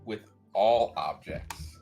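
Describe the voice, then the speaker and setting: A man's voice: on the low side, slow, warm tone, soft background music. A man co-hosting a casual roundtable chat, playfully riffing on jokes. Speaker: dungeon master co-host.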